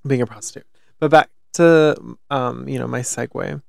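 A man's voice: medium pitch, steady tone, moderate pace, vocal fry, a little mellow, dry recording, studio quality. A man co-hosting a casual podcast chat, stoned, giggling and rambling as he talks. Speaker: podcast co-host.

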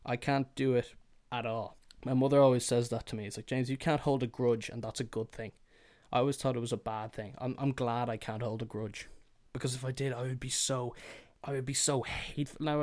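A man's voice: medium pitch, a little fast, a little mellow. A man hosting a podcast, venting alone in a heated, profane rant and slipping into mocking impressions. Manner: profane, heated, swears freely; slips into mocking whiny impressions. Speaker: podcast host. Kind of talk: solo ranting monologue.

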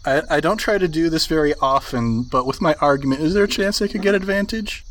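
A man's voice: a little high, animated, brisk, a bit bright, slight background noise. A man playing a tabletop game, chatting casually and easily. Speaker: player.

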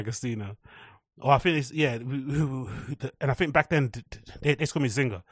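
A man's voice: medium pitch, brisk, no room sound, studio quality. A young man hosting a podcast alone, telling stories in a rambling, profane, casual way and acting out the people he quotes. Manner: rambling, profane storytelling with animated quoted voices. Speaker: podcast host. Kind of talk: casual solo monologue.

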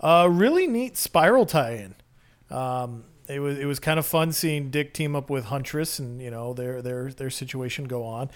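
A medium-pitched man talks at normal speed as a podcast co-host in casual chat, enthusiastic and rambling, with lots of fillers.

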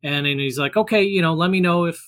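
A man's voice: fairly high pitch, quick pace, fairly bright tone, no room sound. A man telling a personal story in casual chat, rambling with many fillers and restarts and acting out the voices he quotes. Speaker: guest storyteller. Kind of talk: casual anecdote.

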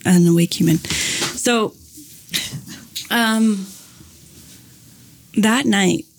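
She's a podcast guest in casual conversation, spinning a lengthy tale full of fillers like "like" and "um" with lively energy. Her mid-range voice carries vocal fry, and she speaks very slowly.

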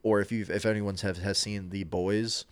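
A man's voice: on the low side, flat delivery, normal speed, background noise. A man co-hosting a podcast in casual chat, rambling with lots of fillers and restarts. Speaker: podcast co-host.

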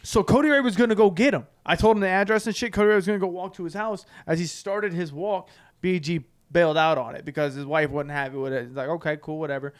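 A young man co-hosting a podcast, telling a story in casual chat, animated and profane, acting out his own reactions. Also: sits high, fast, smooth. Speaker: podcast co-host.

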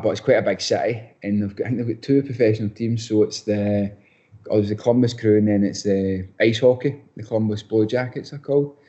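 A man's voice: lowish voice, dark tone, dull audio. A young Scottish man, a footballer being interviewed, chatting casually with lots of restarts and repeated words. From Scotland. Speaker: footballer guest.

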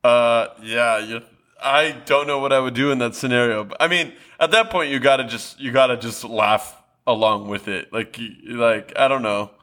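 A man co-hosting a casual chat, chatty and quick with short reactions. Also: mid-range voice, fairly bright tone.

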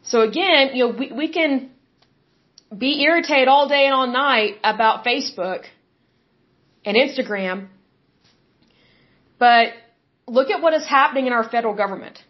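A woman's voice: sits high, normal speed, long pauses. A woman hosting a podcast, giving opinionated solo commentary in an emphatic, conversational way that circles back to her points, with a touch of hiccups. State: has hiccups. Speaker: podcast host. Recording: slightly dull lo-fi recording.

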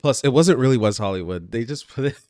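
A man's voice: mid-range voice, expressive, quick pace, darkish tone, no room sound. A man co-hosting a podcast in a studio, laid-back and chatty, laughing often and trailing off mid-sentence. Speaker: podcast co-host. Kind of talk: casual chat.

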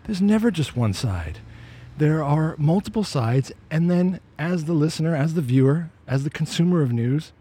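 Male vlogger, emphatic sarcastic commentary, mellow husky voice. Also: on the high side, expressive, normal speed. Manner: emphatic, ranting, sarcastic asides. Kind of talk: opinionated commentary monologue.

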